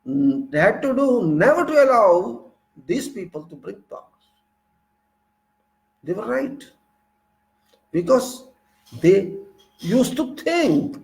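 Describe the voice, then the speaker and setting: A man's voice: sits high, vocal fry, rough recording. A man with an Indian English accent giving an indignant political monologue, full of rhetorical questions and repeated phrases. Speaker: political commentator.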